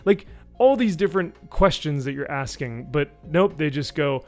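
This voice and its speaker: A man's voice: a little high, animated, a little slow, darkish tone, faint music behind. A man giving a casual spoken review, rambling and swearing, with lots of fillers. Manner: rambling, profane, with frequent fillers. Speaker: YouTube reviewer.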